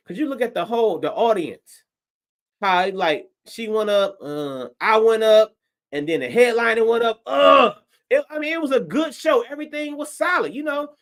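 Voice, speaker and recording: On a livestream, a Detroit comedian with a very high voice talks briskly through a story, swearing freely and dramatizing his own reactions with lots of energy.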